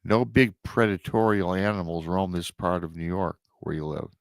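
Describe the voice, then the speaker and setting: In studio-quality audio free of echo, a man hosting a storytelling podcast retells a listener's emailed account with drama and emotional interjections. His voice sits low and moves at a moderate pace.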